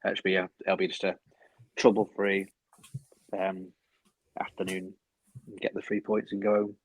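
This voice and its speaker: A man co-hosting a casual football podcast, talking quickly and rambling with many restarts. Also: sits low, monotone, husky, rough recording. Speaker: podcast co-host. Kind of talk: casual chat. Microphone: home video call.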